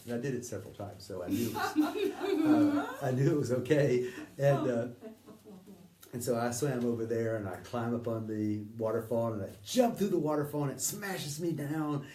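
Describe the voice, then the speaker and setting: A man, an interview guest, telling a personal story in a vivid, animated way. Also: mid-range voice, roomy sound, recorded from a distance.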